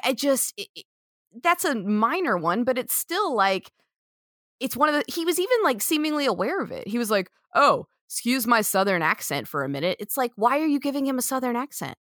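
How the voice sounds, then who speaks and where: A woman sports reporter talking as a podcast guest, chatty and animated, laughing often. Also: a little high, no echo, studio quality. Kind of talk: casual podcast conversation.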